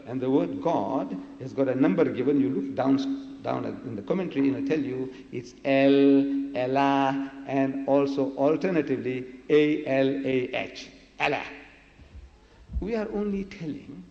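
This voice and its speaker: In an echoey, lo-fi hall recording, a man with a warm, mid-range voice delivers a public religious lecture at a measured pace. He is emphatic, asks many rhetorical questions, and repeats key words for effect.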